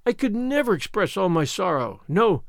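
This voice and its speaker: A man's voice: sits high, very animated, normal speed, creaky, no room sound, studio quality, exaggerated voice. A man reading an audiobook, voicing an impulsive, dramatic young orphan girl who pleads earnestly and theatrically. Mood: pleading.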